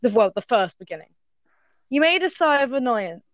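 A woman's voice: on the high side, very animated, moderate pace, dry recording, muffled recording. Stumbling young-sounding woman reading aloud. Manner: stumbling, self-correcting reading. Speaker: reader of fan fiction. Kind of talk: casual reading aloud with friends.

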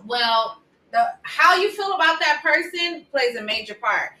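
A woman's voice: high-pitched, expressive, measured pace, bright, forceful tone, recorded from a distance. A woman guest on a casual talk show, chatting frankly and laughing easily. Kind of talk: casual chat. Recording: roomy echo, faint noise.

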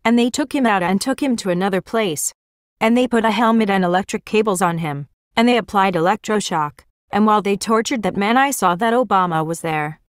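A woman's voice: mid-range voice, a little fast, no echo, clean studio sound. A woman giving a first-person religious vision testimony in an earnest, plain storytelling manner.

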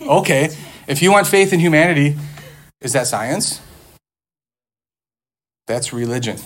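A man's voice: fairly high pitch, animated, unhurried. A man teaching a class in front of a board, lecturing conversationally and firing off rhetorical questions and mock back-and-forth exchanges.

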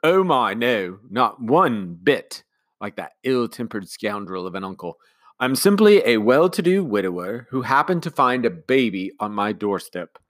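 A man voicing a polite, mournful, well-to-do widower in a storybook read-aloud, with formal, gentle speech. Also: medium pitch, very animated, moderate pace, pitched above the performer's own voice, close to an everyday voice. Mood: courteous.

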